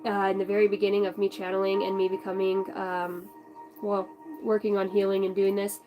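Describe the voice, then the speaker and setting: A woman's voice: medium pitch, monotone, a little fast, music in the background, low-quality recording. A young woman in a rambling, chatty vlog, doing a spiritual card reading and talking casually, with the odd swear word. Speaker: spiritual channel host.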